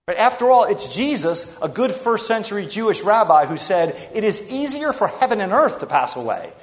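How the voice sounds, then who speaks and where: A man preaching a sermon in an emphatic, rhetorical way with dramatic pauses. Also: high-pitched, very animated. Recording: long reverb of a large hall.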